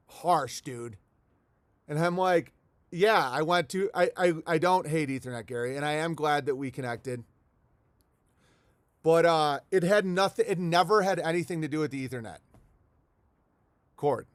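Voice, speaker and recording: A man hosting a livestream from his home in the countryside, talking loosely to his chat. His voice sits a little high and he swears freely, drifting from thought to thought. The sound is close and dry, with no room around it. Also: clean tone, no room sound. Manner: rambling, profane, reads viewer letters aloud. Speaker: livestream host.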